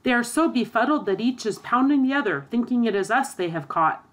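A woman voicing a quick, brave young boy in an urgent storybook reading. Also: mid-range voice, a bit bright, natural voice.

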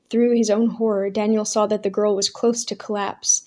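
A woman reading a novel aloud as narrator, in a measured, expressive way. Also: medium pitch. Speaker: audiobook narrator. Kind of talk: scripted narration.

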